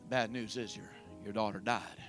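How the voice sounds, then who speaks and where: A man preacher voicing a blunt male messenger who delivers bad news in a low, matter-of-fact way. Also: fairly even intonation, normal speed, fairly bright tone, soft background music, natural voice. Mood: somber.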